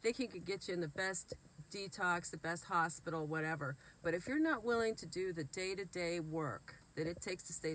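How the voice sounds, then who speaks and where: A woman's voice: on the low side, fairly bright tone, a little hiss or hum. A woman vlogger, sick and emotional, talking earnestly and bluntly straight to her viewers. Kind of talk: heartfelt direct-to-camera talk.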